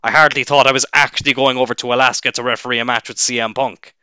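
A man's voice: medium pitch, flat delivery, fast talker, sharp tone, clean tone, no room sound. Irish referee, young man, swearing and sarcastic, dry close recording. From Ireland. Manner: profane, sarcastic ranting. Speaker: wrestling referee. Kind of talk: casual rant to camera.

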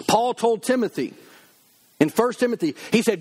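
Emphatic male preacher, higher voice. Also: lively intonation, moderate pace, darkish tone, slightly rough. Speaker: pastor. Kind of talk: sermon.

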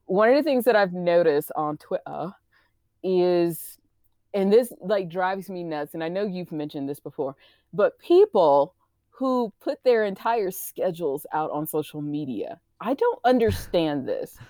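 A woman chatting casually as co-host, animated and teasing in an incredulous way. Her voice sits lowish, recorded dry and close with no room sound. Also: unhurried, no echo. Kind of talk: casual chat.

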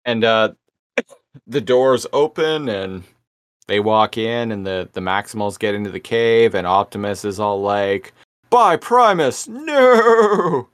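A man co-hosting a podcast, recapping a cartoon episode in casual chat with halting, repeated words. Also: lowish voice, clear, resonant tone, no echo, studio quality. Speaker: podcast co-host.

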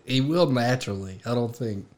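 A man with a mid-range voice chats as a podcast guest. He jokes constantly and laughs easily, keeping the talk loose and friendly. His speech is relaxed and conversational. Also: mid-range voice, normal speed. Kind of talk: casual chat.

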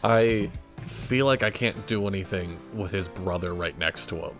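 A man talks casually at a tabletop game, low-pitched and relaxed in manner. He swears easily and speaks plainly. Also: moderate pace, faint music behind. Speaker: player.

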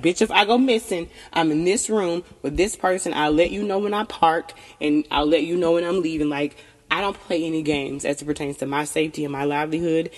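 A woman's voice: low voice, darkish tone. A woman in candid casual chat, frank and profane, laughing often and a little tipsy. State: tipsy from tequila. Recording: long reverberant room.

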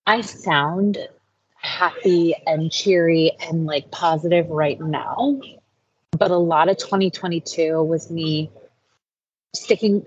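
A woman guest on a podcast, chatting in an earnest, casual way and leaning on "like" a lot. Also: on the low side. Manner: earnest, heavy use of "like". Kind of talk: casual interview chat. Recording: slightly dull lo-fi audio, faint noise.

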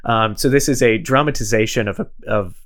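A man's voice: fairly low pitch, brisk, a bit bright. A man hosting a podcast in casual chat, rambling and self-deprecating, laughing often. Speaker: podcast host.

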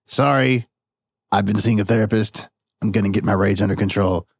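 A man's voice: fairly low pitch, a little fast, breathy edge. A man voicing an awkward male fairy with a hot temper who talks hesitantly.

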